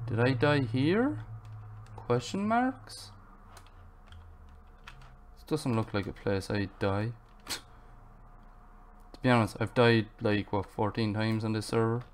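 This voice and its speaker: A man's voice: on the low side, a little slow, a little hiss or hum. A man commenting on his own gameplay, taking his time over every sentence. He mutters, curses and rambles aloud through his frustration. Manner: frustrated, swearing, rambling to himself. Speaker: gaming channel host.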